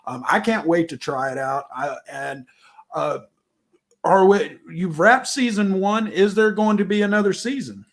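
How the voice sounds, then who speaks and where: A man's voice: sits high, a little slow. A man hosting an interview, talking effusively and praising his guest. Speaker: show host. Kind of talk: casual interview chat.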